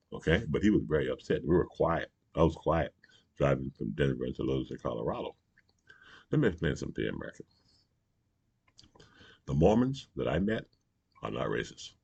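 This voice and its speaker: Man, very deep, gravelly, husky, lively pitch swings, folksy rambling host monologue, dry sound. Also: dry recording. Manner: rambling, folksy, with frequent "you know" and "okay?". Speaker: host of a morning talk show. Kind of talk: casual monologue storytelling.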